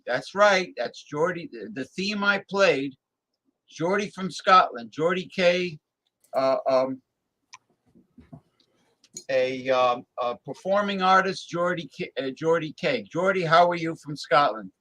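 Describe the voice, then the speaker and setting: A New Jersey man hosts a casual talk show in a fairly high, bright, pushed voice, speaking slowly but animatedly. He rambles and stalls on hesitant fillers while hunting for words, and the recording quality is low.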